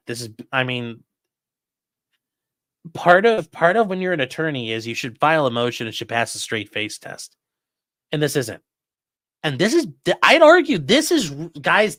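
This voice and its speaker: A man's voice: mid-range voice, a bit bright, no room sound, studio quality. A man hosting a live stream, giving blunt, profane, mocking commentary to his chat. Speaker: streaming host.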